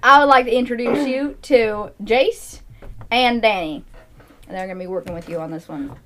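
A woman's voice: fairly high pitch, moderate pace, fairly bright tone, lightly acted. A woman voicing a sly male job broker in a tabletop game, speaking with a wry, dismissive drawl and a wobbly put-on accent. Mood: breezy.

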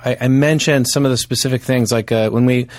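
A man's voice: medium pitch, steady tone, a little fast, darkish tone, dry recording. A man co-hosting a comedy podcast, chatting casually and rambling through many fillers and restarts. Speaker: podcast co-host.

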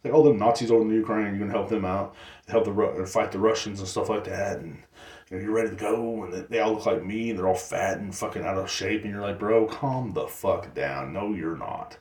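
A man's voice: fairly low pitch, fairly even intonation, quick pace, darkish tone. A man hosting his own podcast, rambling through a profane, casual rant full of fillers. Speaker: podcast host. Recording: roomy echo.

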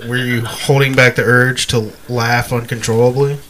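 A man's voice: medium pitch, level tone, normal speed, fairly bright tone. A man co-hosting a casual podcast chat, teasing the others with crude questions. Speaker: podcast co-host.

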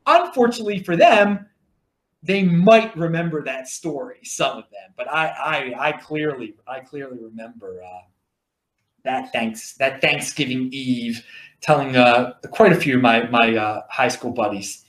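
A man's voice: medium pitch, expressive, unhurried, fairly bright tone. A man with a Baltimore accent, rambling through stories in a casual monologue to his stream viewers, often restarting his words. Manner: chatty, repeats and restarts words. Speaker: livestream host. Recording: echoey room.

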